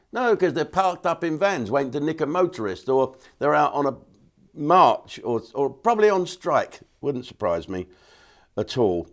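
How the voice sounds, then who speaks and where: An older man, a comedian ranting bluntly in an opinionated monologue and putting on voices for the people he quotes. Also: a little high. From England. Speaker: comedian host.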